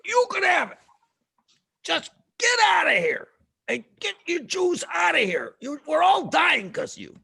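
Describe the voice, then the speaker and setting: A man voicing a grieving, panicked Egyptian neighbor who shouts at the door. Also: extremely high pitch, sing-song, measured pace, creaky, pitched above the performer's own voice, full character voice. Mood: desperate.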